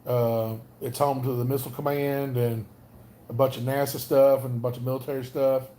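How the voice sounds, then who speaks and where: A man's voice: medium pitch, little pitch movement, normal speed, mellow, a little hiss or hum. A man with a Southern Alabama accent, rambling casually and greeting viewers by name on a livestream. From North Alabama. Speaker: livestream host.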